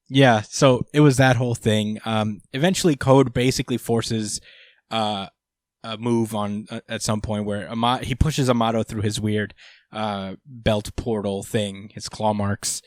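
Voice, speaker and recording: A man's voice: on the low side, steady tone, normal speed, dry recording, clean studio sound. A young man hosting a podcast, recapping a chapter in rambling casual chat with many fillers and casual swearing. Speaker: podcast host.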